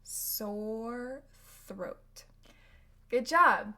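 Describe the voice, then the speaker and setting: An American woman teaching English pronunciation, drilling words slowly and repeating them for practice. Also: fairly high pitch, pushed and bright.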